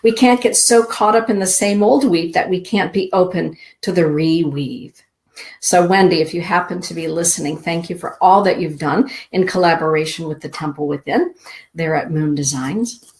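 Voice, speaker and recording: A middle-aged woman hosting a spiritual show, giving card readings to listeners in a soft, slow, drawn-out inspirational way. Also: lowish voice. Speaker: show host and card reader.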